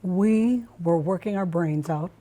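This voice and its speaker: Animated woman acting out her story. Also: fairly low pitch, measured pace. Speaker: interview guest. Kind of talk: casual interview storytelling.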